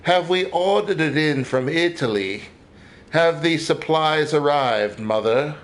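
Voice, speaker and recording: A man voicing a pampered rich kid, in a drawn-out, haughty tone. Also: fairly high pitch, animated.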